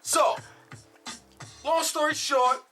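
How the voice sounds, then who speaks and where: A woman casually telling a true story in an animated, profane way, laughing as she goes. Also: high-pitched, drawn-out words, faint music behind.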